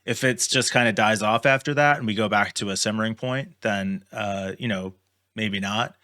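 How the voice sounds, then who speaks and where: A man's voice: on the low side, sharp tone. A man co-hosting a casual podcast, thinking aloud with hesitations. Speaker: podcast co-host. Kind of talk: casual chat.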